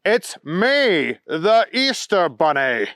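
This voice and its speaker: A man's voice: sits high, sing-song, slow, fairly bright tone, no echo, clean studio sound, full character voice. A man voicing a prim, indignant male Easter Bunny who speaks politely but stiffly. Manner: polite, stiff and slightly huffy.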